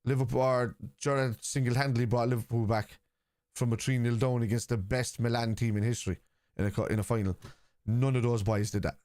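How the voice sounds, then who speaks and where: A man's voice: mid-range voice, fairly even intonation, a little fast, a little mellow. An Irish man hosting a live football watchalong stream, arguing point by point with viewers' comments in a combative way.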